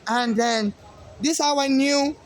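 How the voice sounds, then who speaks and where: A man's voice: very high-pitched, takes it slowly, slight background noise. A man from Nigeria with a Nigerian accent, rambling in an agitated monologue with many fillers and restarts. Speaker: activist vlogger. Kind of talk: monologue to camera.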